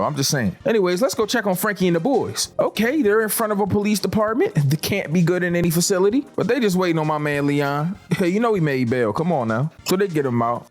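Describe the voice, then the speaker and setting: A man recapping a TV drama in casual slang, joking and talking straight to his viewers. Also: on the high side. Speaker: TV recap vlogger.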